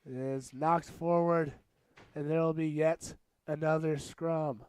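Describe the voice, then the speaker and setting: Slow and easygoing, this young man provides casual play-by-play commentary on a school rugby match. His smooth, clear voice sits a little high and comes through close and dry. He jokes and chats between plays and bursts into yells when something big happens.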